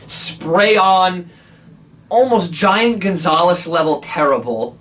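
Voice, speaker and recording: A man reviewing old wrestling shows in a casual, sarcastic rant, swearing often and jumping into high mocking quotes. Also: moderate pace, distant mic. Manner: animated, sarcastic, profane, jumps to high squeaky quotes.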